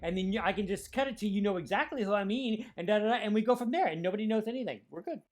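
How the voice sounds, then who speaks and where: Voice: mid-range voice, lively intonation, racing, music in the background. A drag show host in casual banter, campy and teasing, calling people darling and baby.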